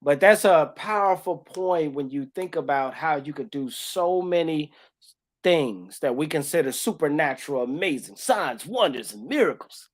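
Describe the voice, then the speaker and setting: A podcast co-host on a faith show shares an emotional testimony in casual talk, his fairly high voice lively and at normal speed. He swings between loud bursts and hushed lines and breaks into tearful laughter.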